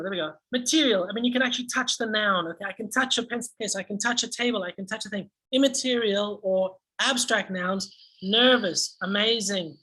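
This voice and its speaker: A woman explaining a lesson plan to other teachers in a teacher training tutorial, energetic and acting out classroom prompts. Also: medium pitch, low-quality recording.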